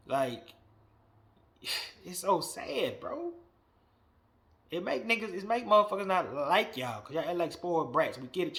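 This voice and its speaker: Man, somewhat high voice, casual podcast rant, blunt and profane, muttering then loud outbursts. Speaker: wrestling podcast host.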